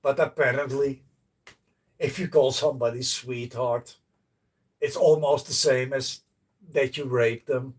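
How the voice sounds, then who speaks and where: A man's voice: medium pitch, fairly even intonation, measured pace, pauses often, slightly rough, distant mic. A man chatting to viewers on a casual livestream, blunt and joking, swearing freely. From Netherlands. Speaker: livestreaming host. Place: outdoors by a canal.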